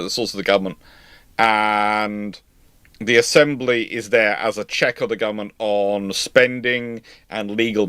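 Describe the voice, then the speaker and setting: A man's voice: lowish voice, fairly bright tone, no room sound. A man hosting a live question-and-answer stream, explaining at length in a rambling way with frequent restarts. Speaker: host. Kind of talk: live viewer Q&A.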